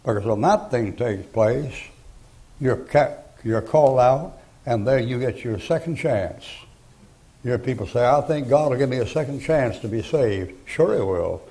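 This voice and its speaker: A man's voice: mid-range voice, animated, measured pace, mellow, poor audio. An older man preaching a fiery sermon in a folksy, blunt, emphatic way. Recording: archival sermon recording.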